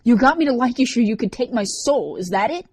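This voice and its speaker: A woman voicing a frightened, furious teenage girl in an audiobook, accusing and shrill. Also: lively intonation, a little fast, husky, no room sound.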